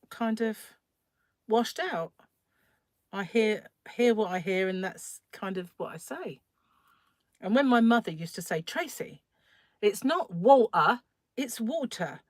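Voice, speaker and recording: A woman's voice: medium pitch, lively intonation, a little slow, long pauses, darkish tone, no echo, studio quality. Chatty woman live-streaming crochet. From England, North London. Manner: chatty, laughs often, greets viewers by name. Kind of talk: casual live-stream chat.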